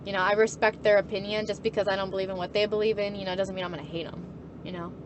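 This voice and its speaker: A woman's voice: medium pitch, flat delivery, rapid-fire, noisy background. A woman in her twenties chatting casually and bluntly, swearing freely and laughing often. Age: 20s. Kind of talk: casual chat.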